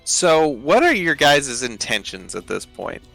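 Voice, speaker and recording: A man running a tabletop game as dungeon master, slow and halting with plenty of "uh". His voice is bright, with faint music in the background. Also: medium pitch, sing-song, gravelly. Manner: halting, many "uh" fillers.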